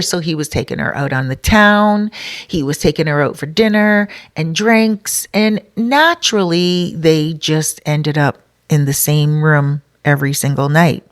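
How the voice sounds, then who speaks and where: Chatty low-voiced woman telling a story. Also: measured pace, no room sound, clean studio sound. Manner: chatty, retells dialogue with quoted voices. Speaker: soul coach. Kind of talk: casual storytelling.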